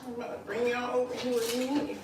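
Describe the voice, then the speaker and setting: A woman's voice: a little high, level tone, fast talker, heavy background noise. A mother hosting a casual live stream from home while cleaning, chatting with viewers and encouraging them, repeating her phrases. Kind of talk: casual chat reading viewer comments. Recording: echoey room.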